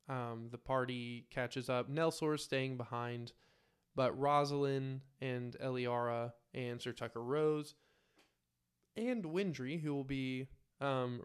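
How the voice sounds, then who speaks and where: A man narrating his own solo tabletop game and talking to viewers in a relaxed, filler-filled way. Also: medium pitch, clear, resonant tone. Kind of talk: casual solo role-play narration.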